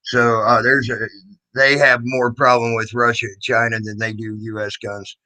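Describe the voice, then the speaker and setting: A man's voice: mid-range voice, level tone, moderate pace, sharp tone, rough recording. A man hosting a casual livestream, greeting viewers by name and rambling with many fillers and restarts. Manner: mocking singsong when teasing. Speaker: livestream host.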